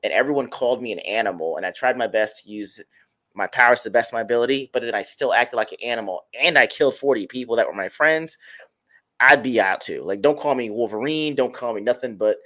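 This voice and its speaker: A man's voice: medium pitch, quick pace, bright, forceful tone. A man on a discussion panel, talking emphatically and colloquially as he tells a story.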